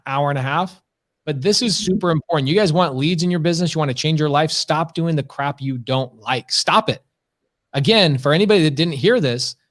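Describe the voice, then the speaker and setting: A man's voice: on the high side, fairly bright tone. A man co-hosting a live business stream, talking emphatically in rhetorical questions. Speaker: podcast co-host.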